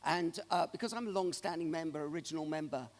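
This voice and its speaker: Speaking quickly in a fairly high voice, this keynote speaker entertains a large conference hall crowd with lively anecdotes. His words echo with the long reverb of the hall.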